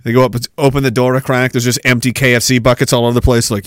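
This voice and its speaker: A man's voice: medium pitch, level tone, very fast, few pauses, no echo. A man hosting a livestream podcast, ranting sarcastically, laughing at his own riffs and reading chat comments aloud. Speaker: podcast host.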